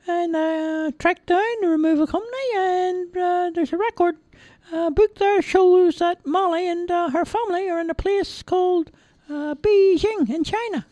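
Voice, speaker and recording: A squeaky, chatty little mouse. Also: male voice, normal speed, warm tone, no room sound. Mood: eager. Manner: squeaky, hesitant with many uhs. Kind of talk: storybook reading.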